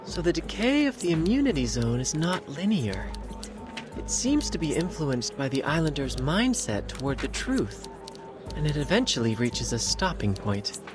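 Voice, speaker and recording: A calm researcher who thinks aloud with lively intonation. Loud game music runs beneath him. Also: male voice, on the high side, moderate pace. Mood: musing. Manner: thoughtful, analytical. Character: calm, curious male researcher.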